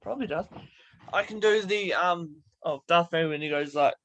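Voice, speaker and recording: A man hosting a casual interview over a video call, unhurried and easygoing. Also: on the high side, a bit bright, low-quality recording. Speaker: host.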